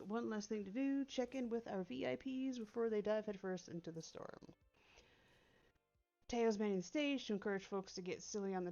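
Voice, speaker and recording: A woman's voice: mid-range voice, creaky, darkish tone. A woman streamer reading a visual novel aloud, narrating casually with playful asides. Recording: dull lo-fi stream audio, faint music.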